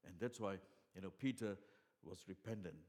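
A man preaching a sermon, earnest, with many fillers and restarts, dropping soft and then rising loud for emphasis. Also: deep voice, normal speed.

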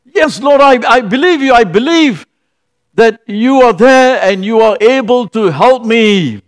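A man's voice: a little high, huge pitch swings, a little slow, long reverb tail. A man preacher voicing a desperate man hanging from a cliff, pleading in a raised, strained voice.

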